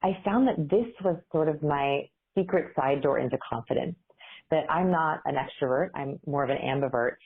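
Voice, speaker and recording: Low, husky woman guest, animated explainer, heard over a tinny phone-like remote line. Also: moderate pace. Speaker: interview guest, behavior researcher.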